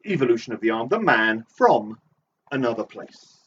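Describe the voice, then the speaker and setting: A man's voice: medium pitch, sing-song, normal speed, a bit bright, slight background noise. A man co-hosting a live online bingo game, playfully riffing on each called item in casual banter. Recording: muffled, distant mic.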